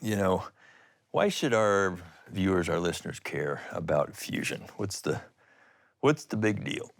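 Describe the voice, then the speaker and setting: A man's voice: low voice, a little slow, no echo, studio quality. A middle-aged man hosting an energy show, narrating from a script and then chatting curiously with guests. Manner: lively, curious, laughs easily. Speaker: host, energy scientist. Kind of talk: scripted narration and casual interview chat.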